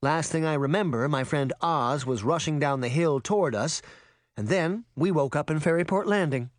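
A man voicing a calm, careful young mother who speaks reassuringly to her daughters, in a storybook reading. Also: on the high side, normal speed, no room sound, clean studio sound, natural voice. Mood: serious.

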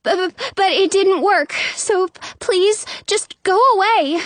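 A terrified young woman from a storybook, her high voice shaking and stammering, as a woman acts her out. The pitch climbs well above a normal speaking voice, and the sound stays dry and close. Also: a little slow, no echo. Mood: frightened. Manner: stammering, voice wobbly and near tears. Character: frightened young woman hiding indoors.

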